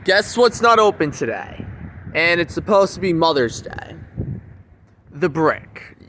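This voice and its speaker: Young man, vlogger, slow drawl, somewhat high voice, repetitive rant, outdoors, faint traffic around. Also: very animated, a bit bright. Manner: repetitive, keeps asking "okay?" and "you wanna know why?". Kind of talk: ranting walking vlog. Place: outdoors on town streets. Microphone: handheld camera. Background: faint street and traffic ambience.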